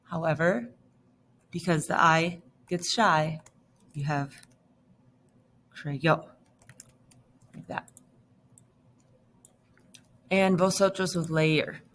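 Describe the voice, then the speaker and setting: A woman's voice: fairly low pitch, slow pace, long pauses, fairly bright tone, slight background noise. A woman teacher explaining grammar step by step in a patient, recorded lesson. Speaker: Spanish teacher.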